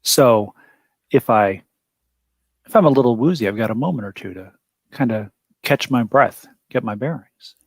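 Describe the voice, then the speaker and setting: A man plays his character in a tabletop game, answering calmly and dryly. His pitch sits in the middle. The sound is close, with no room echo. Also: moderate pace, pauses often. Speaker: player.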